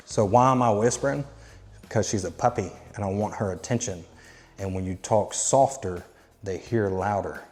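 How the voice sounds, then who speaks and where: A man working as a dog trainer, explaining steps plainly and giving short, quiet commands to a dog indoors. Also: on the low side, moderate pace, big-room sound, soft background music. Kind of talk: instructional training demo.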